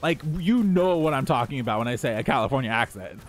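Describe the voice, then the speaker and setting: A man streaming live from home, chatting casually with his viewers while he plays. He talks in a lively, profane way and laughs often. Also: medium pitch, fast talker.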